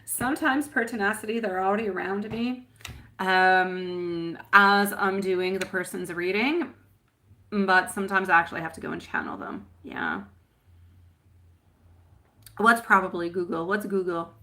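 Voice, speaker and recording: A woman's voice: mid-range voice, expressive, measured pace, pauses often, pushed and bright. A woman reading tarot on a live stream, chatting with viewers and calling them sweetie and my love. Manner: chatty, rambling with fillers. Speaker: tarot reader.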